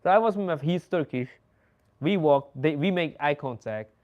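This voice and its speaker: Animated young man telling stories. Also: fairly high pitch, moderate pace, highs cut off. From Netherlands. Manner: animated, swearing, laughing storyteller. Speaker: host. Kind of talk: casual storytelling chat.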